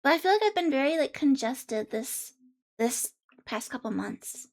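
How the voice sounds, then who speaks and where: A woman's voice: high voice, expressive, moderate pace. A woman streamer chatting casually and bubbly with her viewers, a bit congested. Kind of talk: casual live-stream chat.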